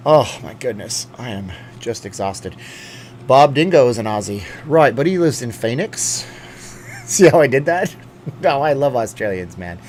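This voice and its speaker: A man's voice: mid-range voice, lively intonation, measured pace, darkish tone, slight background noise. A man from Canada hosting a casual live stream, rambling and jokey, reading out viewer chats.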